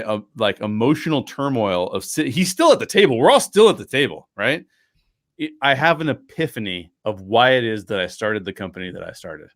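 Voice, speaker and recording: A man's voice: mid-range voice, no echo, studio quality. A man chatting as a guest on an interview podcast, telling a personal story with lots of restarts and acting out what others said. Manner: animated storyteller, acts out quoted dialogue; many fillers and restarts, frequent laughs.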